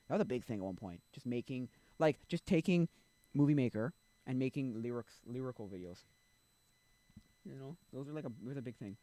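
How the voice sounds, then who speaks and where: A man's voice: medium pitch, fairly quick, pauses often, mellow, slight background noise. A man chatting casually on a livestream, rambling and thinking aloud as he picks songs. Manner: rambling, thinking aloud, sings along at times. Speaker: streamer.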